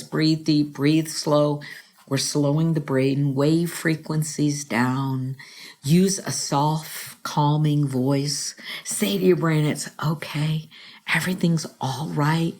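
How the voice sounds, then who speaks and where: Middle-aged woman talking slow and low, soothing, whispers some words, leads a breathing exercise. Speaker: podcast host and coach.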